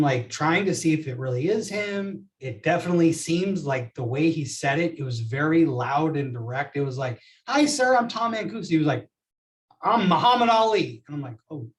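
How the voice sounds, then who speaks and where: A man's voice: on the high side, distant mic. A man in his thirties, a podcast guest candidly telling a personal story and acting out the voices in it.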